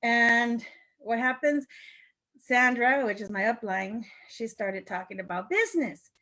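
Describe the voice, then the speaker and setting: A woman's voice: a little high, measured pace, bright, forceful tone. An older woman, a sales representative, telling a casual story to viewers on a live video, laughing often and acting out what her friends said. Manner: chatty, laughs often, acts out quoted friends.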